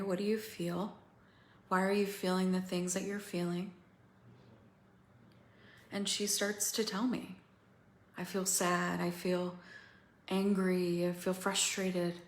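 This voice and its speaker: A woman coaching other women through a feeling practice, slow and pausing, candid and swearing now and then. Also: lowish voice, flat delivery, echoey room. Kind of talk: guided emotional coaching talk.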